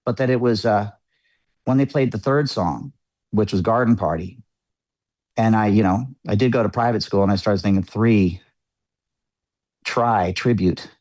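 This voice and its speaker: A man's voice: lowish voice, normal speed, a little mellow, no echo. A middle-aged man, a musician guest on a podcast, telling a personal story in an earnest, reflective way. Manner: earnest, reflective, chatty with frequent fillers. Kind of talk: candid interview storytelling.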